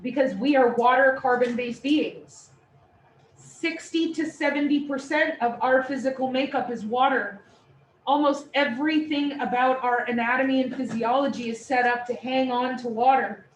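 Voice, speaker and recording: High-voiced woman teaching, playful. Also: normal speed. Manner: animated, playful explanations. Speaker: instructor. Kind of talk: classroom lecture. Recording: echoey room, distant mic, faint noise.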